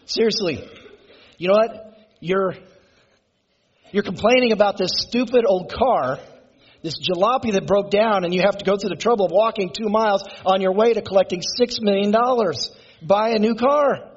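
A man's voice: sits high, moderate pace, slightly rough. A male pastor giving a conversational sermon to his congregation, asking them to respond and building to emphatic passages. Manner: builds to raised, emphatic delivery. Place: church sanctuary. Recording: muffled, lo-fi sermon recording.

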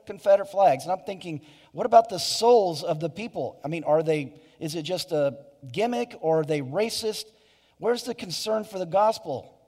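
A man's voice: high-pitched, mellow. Preaching man in a reverberant hall. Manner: earnest preaching with frequent restarts and "you know". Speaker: pastor. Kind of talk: sermon. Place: church sanctuary.

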